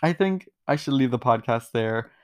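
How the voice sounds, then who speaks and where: A man's voice: mid-range voice, lively intonation, normal speed, darkish tone, clean tone, no echo, clean studio sound. A young man hosting his own podcast, rambling casually, swearing freely and putting himself down, with lots of "like" fillers. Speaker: podcast host. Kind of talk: casual solo podcast monologue.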